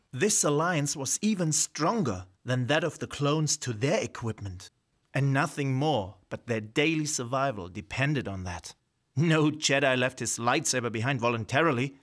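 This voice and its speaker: A man reading the narration of a fan-made science-fiction audio drama with measured, dramatic delivery. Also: mid-range voice, fairly bright tone.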